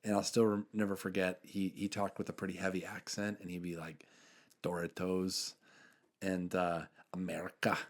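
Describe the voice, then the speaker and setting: Podcast host, young man, lowish voice, earnest and rambling storyteller. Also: little pitch movement, fairly quick, few pauses. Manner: earnest storytelling, many fillers, trails off softly. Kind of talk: casual faith chat.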